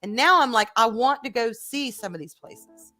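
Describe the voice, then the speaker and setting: A woman from Georgia hosting a casual chat, animated and quick to laugh, with easy swearing. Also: a little high, soft background music. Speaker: streamer host. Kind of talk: casual chat while building.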